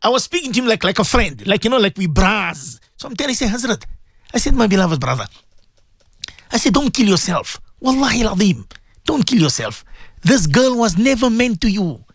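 A man's voice: high voice, big pitch swings, fairly quick, no room sound, clean studio sound. A man hosting a radio talk show as a Muslim cleric, telling a story with emotion and religious phrases.

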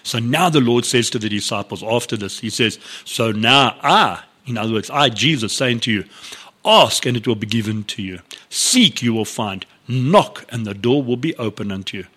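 Animated preaching man. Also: medium pitch, normal speed. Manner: animated storytelling, acts out biblical dialogue with laughs. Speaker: pastor. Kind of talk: sermon.

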